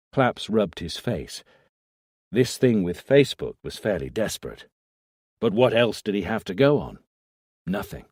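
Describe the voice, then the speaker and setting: A man narrating an audiobook thriller in a measured, even way. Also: low-pitched, no echo, clean studio sound. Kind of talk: scripted narration.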